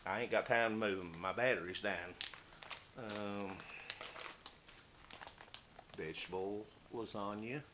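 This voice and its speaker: A man, rambling casually and hurrying through his unboxing vlog. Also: on the low side. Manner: folksy, rambling, hurried. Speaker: YouTuber showing knives and meal kits. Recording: muffled lo-fi camera audio with noise.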